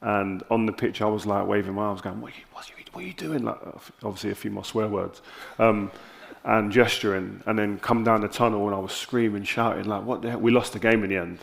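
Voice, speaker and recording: Gravelly low-voiced South London man. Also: fairly quick, few pauses. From South London, England. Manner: animated anecdotes with lively quoted dialogue. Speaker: interview guest. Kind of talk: candid storytelling on stage.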